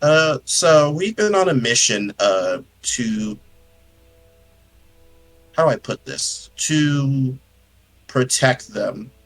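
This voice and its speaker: A man's voice: medium pitch, expressive, takes it slowly, long pauses, low-quality recording. A man speaking as a player in a tabletop game, hesitant and searching for words.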